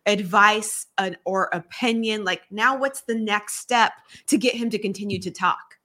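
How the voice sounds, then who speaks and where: A woman's voice: medium pitch, a little slow, sharp tone. A woman interviewing a guest and asking engaged follow-up questions.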